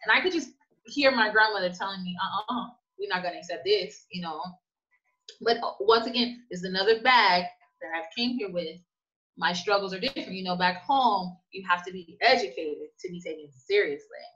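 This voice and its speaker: Bright-voiced emphatic woman guest. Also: mid-range voice, moderate pace, dull audio. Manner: emphatic, animated storytelling with acted-out quotes. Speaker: guest, immigrant business owner. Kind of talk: conversational interview.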